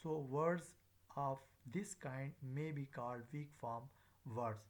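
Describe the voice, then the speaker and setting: A man teaching English pronunciation in a recorded lecture. He pauses often with fillers and repeats example words again and again as drills. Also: medium pitch. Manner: hesitant, frequent uh fillers.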